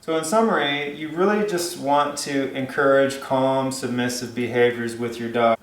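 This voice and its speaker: A man's voice: mid-range voice, steady tone, moderate pace, reverberant, poor audio. A man giving dog-training advice in a casual, rambling way, with many fillers and restarts.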